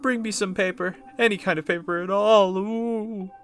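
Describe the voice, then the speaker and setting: A man doing a high, moaning voice for a desperate spirit begging for help in a video game. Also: steady tone, moderate pace, fairly bright tone. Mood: pleading. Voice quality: moaning, pleading.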